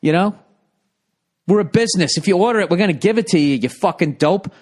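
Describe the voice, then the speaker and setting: A man's voice: high voice, lively intonation, fast talker, a little mellow. A man in his forties with a Boston accent, telling a rambling, profane, exasperated story.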